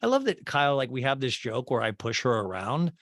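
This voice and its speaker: Sarcastic male podcast host for a comedy recap. Animated, lively delivery, dry close mic. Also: mid-range voice, no echo. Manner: sarcastic, quick to slip into character voices.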